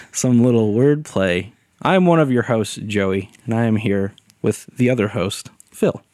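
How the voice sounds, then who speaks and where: A man's voice: on the low side, slow pace, darkish tone, dry recording. A man co-hosts a casual podcast while fighting off a cold. His talk is loose and joking, with frequent laughs. The sound is close and dry. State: sick, a bit hoarse. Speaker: podcast co-host.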